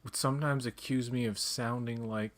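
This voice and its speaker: A man's voice: medium pitch, steady tone, moderate pace. A man with a Newfoundland accent, chatting casually while watching a movie. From Newfoundland, Canada. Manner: chatty, tells stories with put-on voices. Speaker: co-host. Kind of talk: casual watch-along chat.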